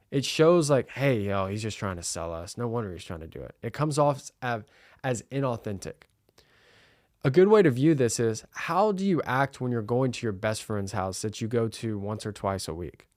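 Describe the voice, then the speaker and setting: A man hosting a podcast, giving an energetic sales-coaching monologue and acting out bits of dialogue with customers. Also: mid-range voice, no echo, clean studio sound. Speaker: podcast host.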